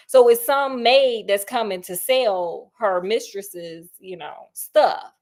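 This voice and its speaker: A woman storyteller retelling a classic mystery in an animated, slangy way, asking her listeners questions. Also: medium pitch, takes it slowly, few pauses.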